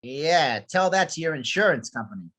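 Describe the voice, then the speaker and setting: A woman reading the part of a sarcastic male duck who cracks quick jokes. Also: deep voice, lively intonation. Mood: wisecracking. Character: wisecracking adult male duck. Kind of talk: amateur script reading.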